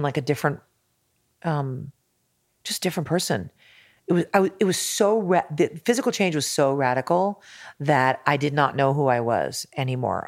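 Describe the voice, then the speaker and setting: A woman's voice: a bass voice, dry recording, studio quality. A middle-aged woman, a singer and interview guest, tells her story candidly and with emphasis. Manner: frank and emphatic, acts out quoted exchanges.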